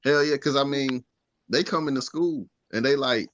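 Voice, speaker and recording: Brief: late-30s male gym teacher, relaxed podcast storyteller, bright tone, dry muffled audio. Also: mid-range voice, normal speed, no room sound. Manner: laid-back, storytelling, frequent asides. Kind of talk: casual podcast chat.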